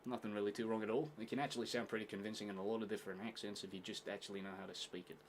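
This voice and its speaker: A Scottish man from near Glasgow streaming a football watchalong, chatting casually, swearing freely and shouting out at chances. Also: fairly low pitch, level tone, racing, a little hiss or hum. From Scotland, near Glasgow. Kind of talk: casual live-stream chat and match commentary.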